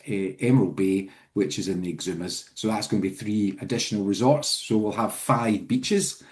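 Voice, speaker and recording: A man's voice: medium pitch, a little mellow. Upbeat man presenting on a video call. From Scotland. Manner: upbeat, chatty, enthusiastic. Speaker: sales presenter. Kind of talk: virtual presentation.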